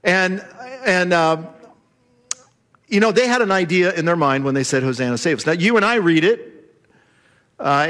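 Male pastor, high voice, animated sermon storytelling in church.

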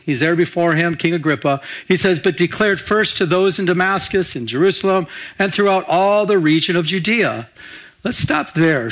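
A man's voice: on the high side, fairly bright tone. An older man preaching a sermon as pastor, in a conversational way, calling for amens and often restarting his sentences. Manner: conversational, repeats and restarts, asks the room for amens.

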